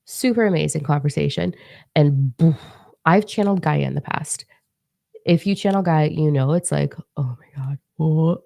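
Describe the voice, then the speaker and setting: A young woman with a low voice and lots of vocal fry talks in a chatty, animated vlog. She swears casually as she tells her stories. The sound is close and dry, with no room echo. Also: moderate pace. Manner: chatty, profane, animated storytelling. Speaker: spiritual teacher and author.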